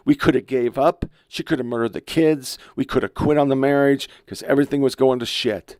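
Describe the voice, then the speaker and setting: A man's voice: mid-range voice, fairly even intonation, fairly quick, hardly any pauses, darkish tone, no echo, clean studio sound. A man in his fifties hosting a podcast, reacting to online clips in a blunt, profane, emotional rant. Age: 50s. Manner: blunt, profane, heated ranting. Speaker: podcast host.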